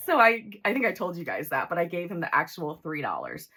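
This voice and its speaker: A woman in her forties talking casually while counting cash into envelopes, chatty and excitable. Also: fairly low pitch, fast, few pauses, slightly rough. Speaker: budgeting vlogger.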